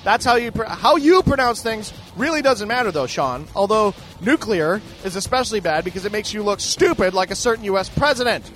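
A man hosting a podcast in a casual, profane rant, animated and mock-boastful, swearing freely. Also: high-pitched, a little fast, few pauses, soft background music. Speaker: podcast host.

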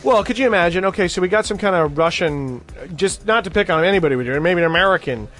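Animated, high-pitched ranting man. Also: quick pace. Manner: profane, sarcastic, animated. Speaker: podcast host. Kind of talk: casual ranting chat.

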